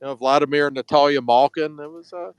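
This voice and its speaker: A man's voice: a little high, steady tone, fast, smooth, no echo, low-quality recording. A man casually chatting as a hockey writer on a podcast, telling stories in an offhand, dry way.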